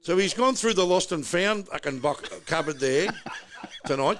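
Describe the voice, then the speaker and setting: Aussie host, middle-aged bloke, slightly higher voice, joking around at a pub. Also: male voice, animated, moderate pace, fairly bright tone. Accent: Australian. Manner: jokey, rambling, banter-heavy. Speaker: podcast host. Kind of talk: casual chat. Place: pub, indoors.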